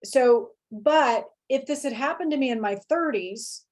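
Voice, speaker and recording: A woman in her forties telling a candid personal story in an interview, animated and frank, now and then acting out the voices she quotes. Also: sits high, a little slow. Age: 40s. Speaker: feng shui teacher, interviewee.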